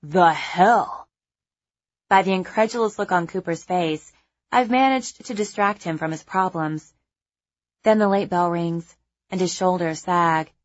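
Young woman reading an audiobook, wry and chatty, lowish voice, kinda muffled sound. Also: normal speed. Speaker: audiobook narrator. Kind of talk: first-person audiobook narration.

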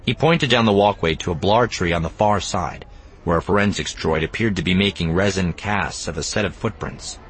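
A man narrating an audiobook in an expressive, even storytelling manner. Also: low voice, moderate pace, slight background noise. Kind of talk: scripted narration.

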